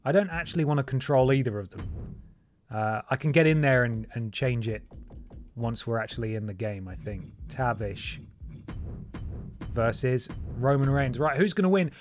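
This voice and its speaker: A man's voice: medium pitch, normal speed, faint music behind. A man chatting casually to his viewers while he streams a wrestling video game, joking as he goes. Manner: chatty, jokey, talks to chat and mods. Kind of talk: casual live-stream commentary.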